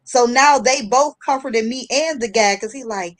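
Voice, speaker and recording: High-voiced woman telling a story. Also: normal speed. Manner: animated storyteller, acting out voices. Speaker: livestream guest. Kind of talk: casual storytelling chat.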